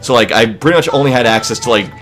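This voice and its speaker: A young man rambling casually about a video game as a let's play commentator, often halting and restarting. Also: mid-range voice, a bit bright. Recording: voice with game music behind.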